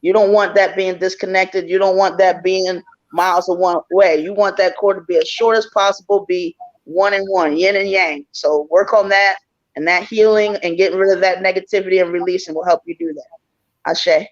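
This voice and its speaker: A man with a very high voice gives earnest, reflective spiritual advice on a live stream and restarts his thoughts as he goes. His audio comes through dull and lo-fi. He speaks in a plain, unhurried way. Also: fairly even intonation.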